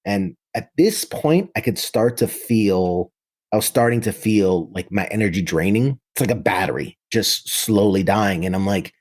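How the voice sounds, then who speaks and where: Husky low-voiced man in his thirties. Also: lively intonation, normal speed. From New York City. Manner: vivid, frequent restarts and self-corrections. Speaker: military veteran guest. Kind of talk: casual personal storytelling.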